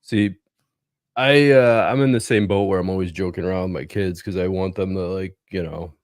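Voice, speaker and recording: A man in casual podcast chat, telling relaxed self-deprecating stories. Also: low-pitched, normal speed, dry recording, clean studio sound. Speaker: podcast guest.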